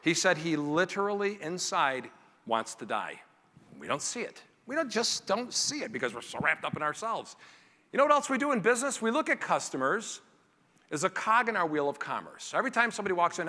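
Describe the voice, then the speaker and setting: Animated man giving a keynote in a hall. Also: high-pitched, brisk. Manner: animated, acts out family scenes in character voices. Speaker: keynote speaker. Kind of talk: motivational keynote speech. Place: large conference hall. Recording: reverberant hall.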